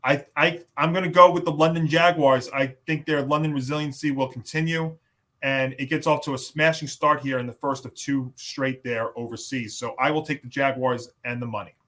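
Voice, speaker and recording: A man's voice: medium pitch, steady tone, moderate pace, fairly bright tone. A man hosting a sports podcast, moderating picks in a broadcaster-like manner. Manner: announcer-like, hands off between panelists. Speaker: podcast host.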